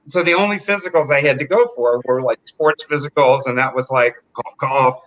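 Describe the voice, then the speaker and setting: A man telling a personal story in an animated, chatty way, full of fillers. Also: medium pitch, a little fast, rough recording. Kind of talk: live storytelling.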